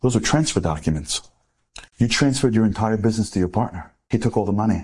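Speaker, male, rapid animated storyteller, low husky voice, keeps asking the audience questions. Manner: animated, full of rhetorical questions and acted-out dialogue. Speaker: inspirational speaker. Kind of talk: storytelling talk to a live audience.

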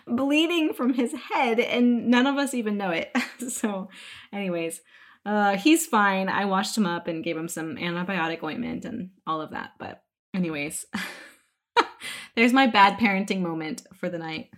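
A woman in her thirties, a birth doula co-hosting a podcast, telling a family story in casual chat with animated delivery and laughter. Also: medium pitch, measured pace.

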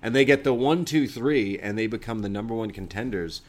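A man's voice: fairly low pitch, a little fast. A man co-hosting a wrestling review show, recapping scenes in casual chat and quoting the wrestlers' lines. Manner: recounts scenes, quoting lines in put-on voices.

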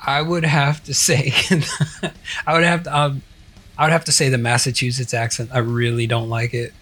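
A man's voice: medium pitch, level tone, normal speed, fairly bright tone. A man co-hosting a podcast in easygoing casual chat, often laughing along. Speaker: podcast co-host.

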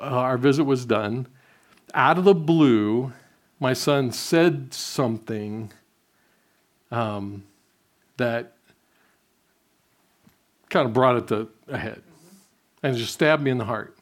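An older man preaches in an easy, conversational way. He tells his stories directly to the congregation. His voice falls soft and low whenever he quotes his own prayers. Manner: conversational storytelling, drops softly when quoting prayers. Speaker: pastor. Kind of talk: sermon.

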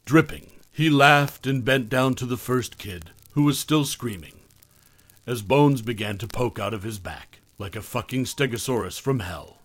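A man narrates a first-person horror story at a steady, measured pace. His voice sits in a middling register, and the recording is close and dry with no room echo. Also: medium pitch.

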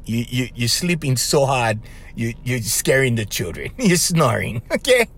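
Lively Hawaiian pidgin man hosting. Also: medium pitch, unhurried, slightly rough. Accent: Hawaiian Pidgin-influenced English. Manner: laughs often, repeats himself, says "bro" constantly. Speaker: podcast host. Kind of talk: casual podcast monologue.

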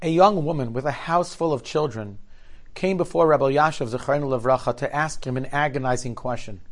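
A man telling a story in a sermon, earnest and dramatic, often dropping to a hushed voice before building to forceful emphasis. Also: medium pitch, a little fast.

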